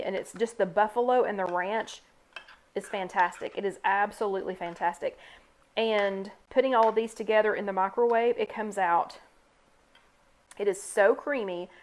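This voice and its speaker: A woman hosting a live online chat, casually demonstrating a recipe and talking to viewers by name in an upbeat, chatty way. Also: mid-range voice. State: hiccups. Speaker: host. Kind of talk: live cooking demo chat.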